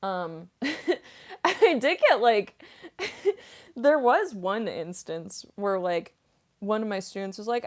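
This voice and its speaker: A woman's voice: mid-range voice, very animated, measured pace, darkish tone. A young woman streamer and voice actress answering chat questions casually, rambling with lots of fillers and giggles.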